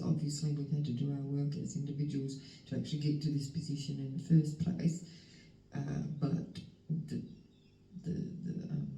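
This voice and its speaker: A woman, giving a spiritual tarot reading in a slow, emotional, halting way that sometimes drops to a whisper. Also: a bass voice, vocal fry, dark tone. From Western Australia. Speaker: tarot reader. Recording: roomy, distant mic, faint background noise.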